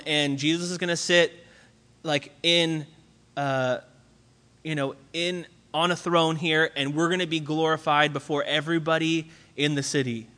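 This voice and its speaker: A man preaching a sermon in a relaxed, conversational way, full of fillers and restarts. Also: a little high, normal speed. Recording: long hall reverb.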